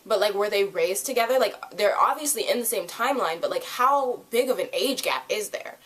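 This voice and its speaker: A young woman reviewing a TV episode in a casual, rambling chat to camera, full of "like" and quick asides. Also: mid-range voice. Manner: rambling, animated, lots of "like".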